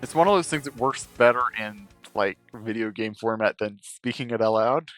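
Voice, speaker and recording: A man's voice: fairly low pitch, normal speed, fairly bright tone. A man streaming a game playthrough who reads its second-person narration aloud and comments on it as he plays. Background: faint game music.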